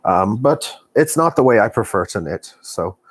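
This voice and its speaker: Texan man, folksy rambling live-stream host, lowish pitch, dry close sound. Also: animated, moderate pace, slightly rough, no echo. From Texas. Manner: rambling, folksy, many fillers and restarts. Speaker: knitting vlogger. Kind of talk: casual live-stream chat. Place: home living room.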